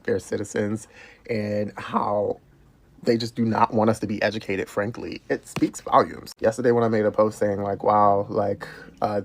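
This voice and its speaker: A man giving indignant commentary to camera, calm at first and then rising. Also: lowish voice.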